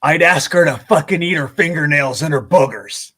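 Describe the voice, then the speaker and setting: High-pitched man, furious profane vlog rant. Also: normal speed, sharp tone. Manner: heated, swearing constantly. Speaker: vlogger.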